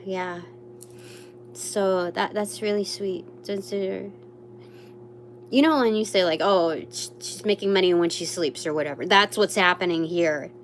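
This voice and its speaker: A woman's voice: fairly low pitch, measured pace, a little hiss or hum. A young woman doing a live tarot reading, rambling with many fillers and exclaiming over the cards. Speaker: tarot reader.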